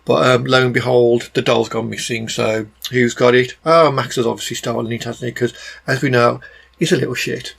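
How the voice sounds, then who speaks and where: A man's voice: medium pitch, fairly even intonation, moderate pace, gravelly, a bit bright, husky. A man with a Black Country accent giving a blunt, exasperated film review in a rambling, casual way, full of ums.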